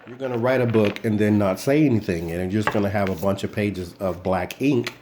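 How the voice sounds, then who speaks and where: A man's voice: on the low side, fairly quick, background noise. A man giving a casual tarot reading, talking bluntly and directly to a person who is not there. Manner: blunt, speaks straight to an absent person. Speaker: tarot reader.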